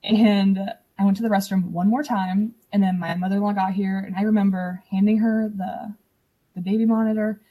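A young woman, a podcast guest, casually recounting a personal story in an animated way, acting out what others said. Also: medium pitch, normal speed. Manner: animated, acts out quoted dialogue.

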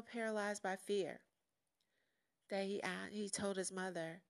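A woman's voice: mid-range voice, steady tone, measured pace, vocal fry, pauses often. A woman hosting her own podcast in a casual, candid solo monologue that turns motivational. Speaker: podcast host.

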